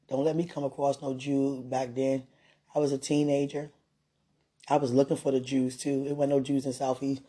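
A woman in a casual, rambling monologue, playful and laughing often, swinging from loud bursts to soft murmurs. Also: a bass voice, flat delivery, normal speed, slightly rough.

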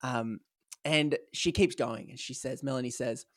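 A man's voice: mid-range voice, unhurried, fairly bright tone, dry recording, studio quality. A man retelling a story on a podcast, acting out the quoted lines, with lots of fillers. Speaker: podcast co-host telling a story. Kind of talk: casual storytelling chat.

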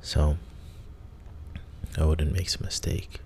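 A deep, gravelly man tells a bedtime story in a soft half-whisper, rambling and unhurried. His voice stays low and flat, with a faint hiss of noise behind it. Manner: meandering and unhurried, with casual restarts. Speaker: sleep story host.

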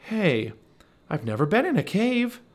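A man doing an excitable squirrel. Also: sits high, measured pace, voice pushed up, heavily acted. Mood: excited. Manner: eager, bouncy and excitable. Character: excitable adventurous male squirrel.

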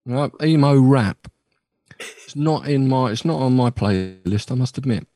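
With a dark tone, lively intonation, and mid-range pitch, a middle-aged radio host from Bristol, England, speaks at a measured pace. Over a remote call, he keeps the chat casual, rambling through stories and restarting many times. The recording is dry.

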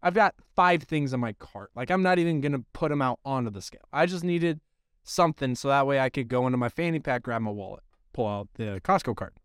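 A man's voice: mid-range voice, a little fast, a bit bright, clean tone, no room sound, clean studio sound. A man hosting a podcast, telling a casual story in a rambling, profane way with lots of filler words. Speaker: podcast host.

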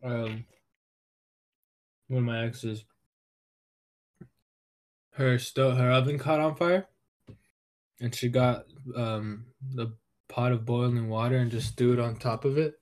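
A young man co-hosting a podcast, telling a story hesitantly with pauses and fillers. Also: mid-range voice, steady tone, a little mellow. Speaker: podcast co-host. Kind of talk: casual chat.

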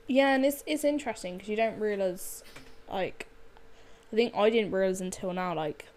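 A woman chatting casually about something she enjoys, her voice at an ordinary middle pitch. She talks in loose, rambling sentences packed with fillers and half-finished thoughts, the relaxed flow of two friends catching up. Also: normal speed. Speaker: artist. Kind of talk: casual chat.

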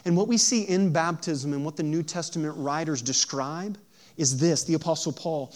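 A pastor delivers a sermon in a somewhat high voice. He puts questions to the congregation. His delivery swings between hushed, storytelling passages and loud, emphatic preaching. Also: moderate pace. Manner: asks the audience questions.

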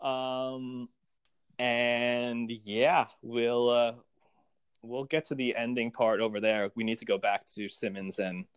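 Podcast co-host, male, animated recapper with a smooth voice and dry close-miked sound. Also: medium pitch, takes it slowly, dry recording. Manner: animated, acts out characters' lines. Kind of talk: casual TV recap chat.

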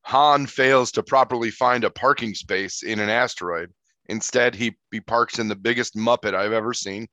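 A man's voice: on the low side, normal speed, pushed and bright, dry recording. A man co-hosting a podcast, arguing his point in a dry, sarcastic, casual way. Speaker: podcast co-host. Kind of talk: casual chat.

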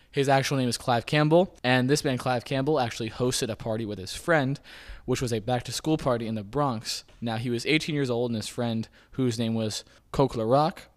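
A man hosting a podcast, explaining things in a loose, rambling way, often saying "kind of" and "like". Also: mid-range voice. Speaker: podcast host. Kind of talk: casual informational talk.

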